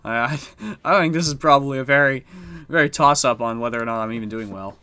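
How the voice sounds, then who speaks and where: A man's voice: medium pitch, a little fast, bright, forceful tone, smooth. A man streaming a strategy board game, chatting casually and swearing now and then. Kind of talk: casual live-stream commentary.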